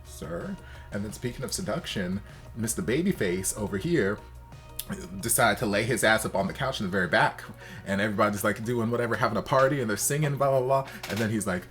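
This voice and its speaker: A man hosting a reaction video in casual, campy commentary, leaping into high exaggerated exclamations. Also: fast talker, fairly bright tone, faint music behind.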